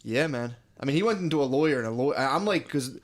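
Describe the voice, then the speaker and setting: A man co-hosting a comedy podcast, talking fast and profanely, acting out what people said in quick put-on voices. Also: medium pitch, expressive. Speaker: podcast co-host. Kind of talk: casual comedic podcast banter.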